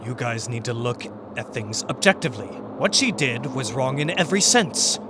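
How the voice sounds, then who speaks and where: A man voicing a cold, calculating young male student in a fan dub, speaking in a measured, lecturing way. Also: medium pitch, animated, noisy background, lightly acted.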